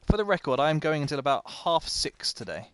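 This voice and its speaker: A man's voice: fairly high pitch, big pitch swings, fairly quick, fairly bright tone, smooth, no echo. A man commentating live as he plays a video game, chatty and self-mocking, often talking to the game itself. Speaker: game streamer.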